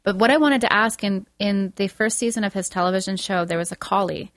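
A woman's voice: medium pitch, quick pace, fairly bright tone, no room sound, clean studio sound. A woman co-hosting a casual podcast chat, telling stories with lots of fillers and feeling. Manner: chatty, emotional storytelling, many fillers. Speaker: podcast co-host.

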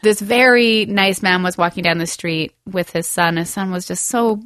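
A woman's voice: fairly low pitch, steady tone, normal speed, fairly bright tone, clean tone, dry recording. A woman spinning a long, funny anecdote in casual banter on a podcast. She is self-deprecating and laughs easily. The sound is dry and close, with no room around her. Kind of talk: comedic casual chat.

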